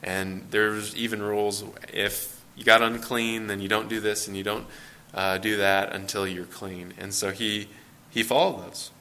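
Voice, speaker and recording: A man's voice: lowish voice, little pitch movement, a little slow, pushed and bright, a little hiss or hum. A man preaching an earnest sermon, explaining scripture and acting out quoted voices with rising emphasis.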